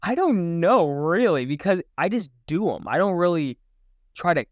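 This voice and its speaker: A man's voice: high-pitched, animated, moderate pace, no echo. A young man, a comedian guest, chatting casually on a podcast, rambling through stories and laughing often.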